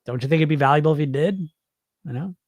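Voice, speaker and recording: A middle-aged man hosting a casual podcast, reading listener comments and answering them in a blunt, animated way, now and then swearing and acting out the voices in people's heads. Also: fairly high pitch, quick pace, dry recording. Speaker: podcast host and weight-loss coach.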